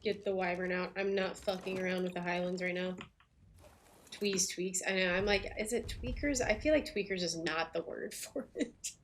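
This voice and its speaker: A woman's voice: on the low side, moderate pace, a little hiss or hum. A woman streaming a game, chatting casually and thinking aloud with lots of fillers. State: hiccups. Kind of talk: casual gameplay commentary.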